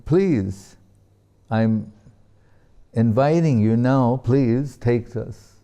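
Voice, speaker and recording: A man voicing a five-year-old devoted boy who earnestly and tearfully pleads, raising his voice a little higher for the child in a spoken story. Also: very slow, dark tone. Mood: pleading.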